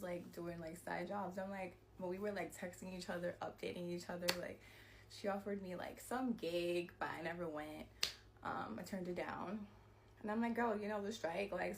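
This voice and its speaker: A woman telling a personal story to her viewers in a storytime vlog, animated and peppered with "like" and swearing. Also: medium pitch, a little hiss or hum. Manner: animated retelling, heavy use of "like", frequent swearing. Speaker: vlogger.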